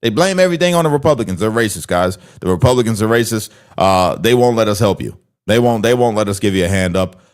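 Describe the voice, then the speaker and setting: A man with a slightly low voice hosts a casual reaction video. He is blunt and mocking, and he talks straight to his audience. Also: animated, fast talker.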